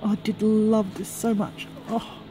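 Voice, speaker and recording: Tearful woman gushing slowly over a gift. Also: medium pitch, little pitch movement, over music, low-quality recording. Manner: gushing, soft and breathless with many sighed "oh"s. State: tearful, trembling. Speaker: craft vlogger. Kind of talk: emotional gift-unboxing vlog. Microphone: handheld camera, shaking.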